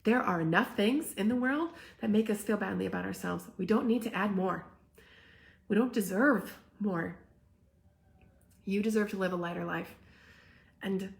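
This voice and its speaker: A woman's voice: mid-range voice, vocal fry. A young woman hosting a live talk, speaking with passion and emphasis and often asking "right?". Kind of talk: live-streamed casual talk, reading comments.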